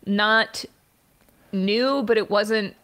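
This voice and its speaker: A woman co-hosts a sports podcast in an everyday mid-range voice. She talks quickly and jokes around, tossing in laughing asides. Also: mid-range voice, steady tone, a bit bright. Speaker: podcast co-host. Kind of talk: casual chat.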